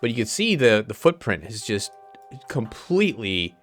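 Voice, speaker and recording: Low-voiced man rambling over gameplay. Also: very animated, moderate pace, fairly bright tone, soft background music. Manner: rambling, chuckling, thinking aloud. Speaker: let's play host. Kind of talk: casual gameplay commentary.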